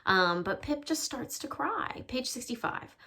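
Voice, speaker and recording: A woman's voice: sits high, big pitch swings, unhurried, sharp tone. A woman English teacher giving a chatty literature lesson, explaining with casual fillers.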